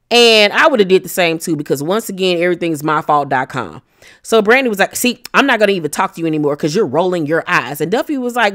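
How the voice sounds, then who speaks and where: A woman recapping a reality show episode in a sassy, animated way, acting out quotes with shifting pitch.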